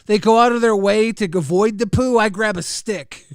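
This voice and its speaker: A man's voice: high voice, moderate pace, clear, resonant tone, no echo, clean studio sound. A man co-hosting a casual livestream chat, laughing often, swearing and reading viewer messages aloud. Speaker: co-host.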